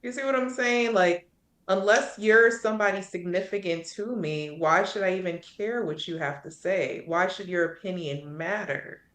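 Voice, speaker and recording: A woman making her case in an assertive, point-by-point way, with a middle pitch. Her voice carries a roomy echo, as if the room around the microphone were bare. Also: moderate pace, a bit bright. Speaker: podcast panelist. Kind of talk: casual debate.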